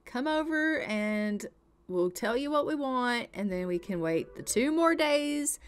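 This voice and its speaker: A chipper, eager male estate agent from a life-sim game, voiced by a woman. He talks in a fairly high, unhurried voice. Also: lively intonation, smooth.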